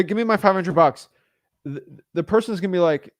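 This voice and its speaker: A young adult man teaching real estate wholesaling in a casual monologue, animated and exasperated, breaking into quick acted-out voices of sellers and attorneys. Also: high voice, no room sound, studio quality.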